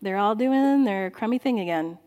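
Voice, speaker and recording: A woman preaching a sermon in church, earnest and exhorting, dropping soft and low at times. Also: lively intonation, normal speed, dull audio. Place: church sanctuary.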